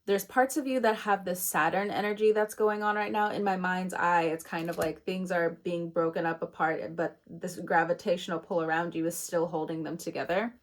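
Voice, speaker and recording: A woman's voice: lowish voice, gravelly. A young adult woman giving a casual, meandering tarot reading, chatty and laughing at herself. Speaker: tarot reader.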